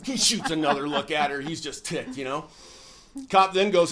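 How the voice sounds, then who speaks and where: A man hosting a relaxed chat with his wife, a former pastor who tells stories in a folksy, animated way with plenty of fillers. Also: on the high side, moderate pace. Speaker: host. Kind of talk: casual chat with joke telling.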